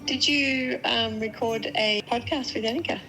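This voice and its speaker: A woman's voice: fairly high pitch, steady tone, normal speed, bright, forceful tone, rough recording. A middle-aged woman with an Australian accent, talking bluntly and teasingly on a speakerphone call. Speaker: mother on a phone call. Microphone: phone on speaker.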